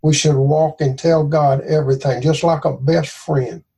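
A man's voice: fairly high pitch, steady tone, moderate pace, gravelly, warm tone, husky. A man with a Southern US accent giving an informal devotional talk in a folksy, earnest, conversational way.

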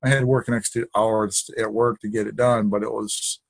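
A man's voice: lowish voice, little pitch movement, a little fast, gravelly, no echo. A man who maintains machines at work, casually telling a rambling, self-deprecating story about his day and often repeating himself.

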